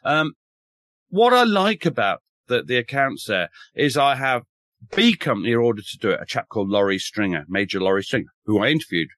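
A man from the north of England, a military historian telling war stories as a podcast guest in a wry, animated way, swearing casually and restarting often. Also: mid-range voice, brisk, no room sound. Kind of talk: enthusiastic podcast storytelling.

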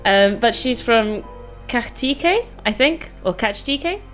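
A woman's voice: on the high side, lively intonation, slow pace, a bit bright, soft background music. Giggly woman hosting a podcast. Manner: giggly, storytelling. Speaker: podcast co-host. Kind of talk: casual comedic podcast chat.

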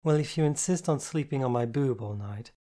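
A male audiobook reader voicing a playful, affectionate woman who teases softly. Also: mid-range voice, brisk, close to an everyday voice. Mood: teasing. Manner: teasing, soft and fond. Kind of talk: audiobook character reading.

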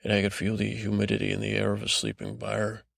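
A man hosting a show, telling a meandering improvised bedtime story in a slow, drowsy way with a put-on, vaguely Scottish lilt, often stalling and repeating himself. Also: lowish voice, completely flat delivery, gravelly, no room sound, studio quality. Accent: put-on vague Scottish-ish lilt. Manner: meandering, halting, full of restarts and repeated words; slow, drowsy, lulling delivery. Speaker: podcast host. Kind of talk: rambling improvised bedtime story told in first person.

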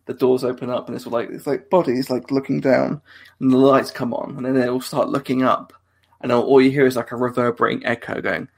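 Gravelly-voiced man rambling on a podcast. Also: medium pitch, little pitch movement, a little fast. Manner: rambling, laughing, restarts sentences. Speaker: podcast co-host. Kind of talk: casual live-stream chat.

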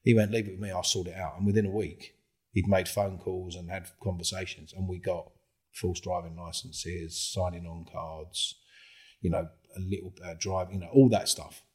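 He speaks at an ordinary pace in a low, husky tone, an English former undercover officer sharing anecdotes in a relaxed interview. Expect plenty of swearing and lively reenactments of other people's lines.

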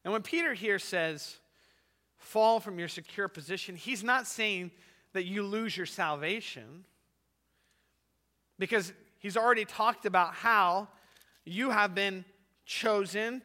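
A man's voice: high voice, slow pace, pushed and bright, big-room sound. A male pastor preaching a sermon in an emphatic way, often ending his points with a rhetorical "right?".

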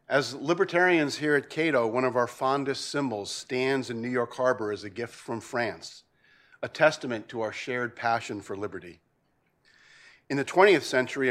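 Man, institute head, formal welcome remarks, measured and ceremonious, middle-pitched. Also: fairly bright tone. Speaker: think tank president opening an event. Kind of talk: formal prepared welcome speech.

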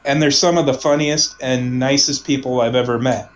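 A man from Omaha telling a personal story in casual conversation, rambling, restarting sentences and trailing off softly. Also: mid-range voice, steady tone, normal speed, poor audio.

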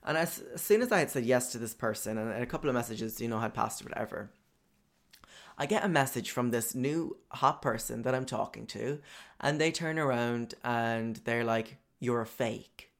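A man's voice: medium pitch, moderate pace, vocal fry. A young man casually telling a personal story, chatty and profane, with lots of filler words.

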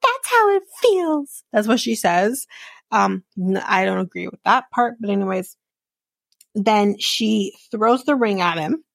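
A woman's voice: medium pitch, measured pace, creaky, dry recording. A woman podcast host giving a casual, blunt and sarcastic recap of a reality show, swearing freely. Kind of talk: casual commentary.

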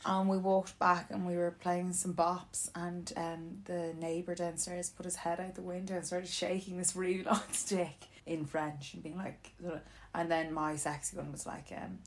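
Young woman, lowish pitch, lively gossipy storyteller who slips into quoted voices. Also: moderate pace, slight background noise. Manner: chatty and animated, laughs often, acts out quotes. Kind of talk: casual storytelling chat.

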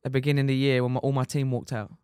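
A man's voice: medium pitch, little pitch movement, rapid-fire, mellow, clean tone, dry recording, clean studio sound. A young man, a guest on a podcast, chatting casually in a laid-back way with short agreeing replies. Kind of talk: casual chat.

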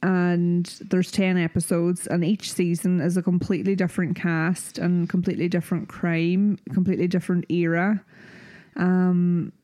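A young Irish woman with a Donegal accent chats on a podcast, her voice sitting a little low. She rambles easily through fillers and asides. The mic is close and dry, with no room sound. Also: little pitch movement, moderate pace, dark tone, no room sound. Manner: chatty, rambling with fillers and wee. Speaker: podcast co-host. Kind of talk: casual chat.

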